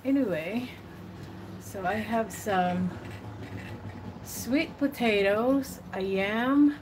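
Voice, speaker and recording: A woman from the Philippines hosting a casual cooking livestream from her home kitchen, greeting viewers by name and humming while she works. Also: on the high side. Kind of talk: casual live-stream chat. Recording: distant mic with background noise.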